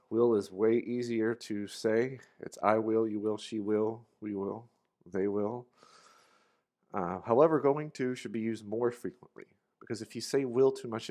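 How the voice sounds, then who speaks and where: A man giving a relaxed, casual English grammar lesson, explaining future tenses with a few fillers. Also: fairly low pitch, unhurried. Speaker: English teacher.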